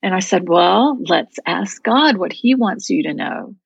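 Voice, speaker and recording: A woman's voice: on the low side, expressive, unhurried, creaky, husky, no room sound, dull audio. A woman guest in an interview telling a story in an earnest, heartfelt way.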